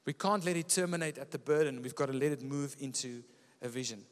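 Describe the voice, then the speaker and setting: Preacher in a reverberant church. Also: male voice, medium pitch, brisk. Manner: lively storytelling preacher, often laughing. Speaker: pastor. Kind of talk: sermon.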